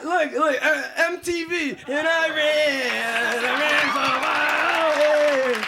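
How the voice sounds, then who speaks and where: A man playing a nervous, awkward amateur comedian who stammers, restarts his sentences and tells flat jokes in a 1980s late-night TV comedy bit. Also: very high-pitched, gravelly, heavily acted. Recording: old TV studio tape with loud audience laughter and noise.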